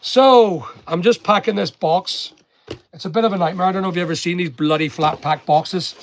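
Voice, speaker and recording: Man, London-Northern Irish accent, high-pitched voice, casual live-stream chat, rambling, greets viewers. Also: normal speed, a little hiss or hum. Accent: London and Northern Irish mix. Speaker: online seller streaming live. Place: packing room at work.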